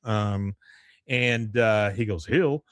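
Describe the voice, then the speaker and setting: Rambling, animated podcast host, man. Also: lowish voice, normal speed, no echo, studio quality. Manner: rambling storyteller, acts out the lines. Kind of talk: casual episode recap.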